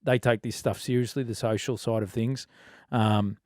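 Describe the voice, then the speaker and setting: A man speaking as a sports reporter on a radio panel. He sounds earnest and halting, with filler words along the way. His voice sits at a middle pitch in a dry studio. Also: fairly even intonation, a little mellow, no echo. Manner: earnest, many fillers and restarts while reporting.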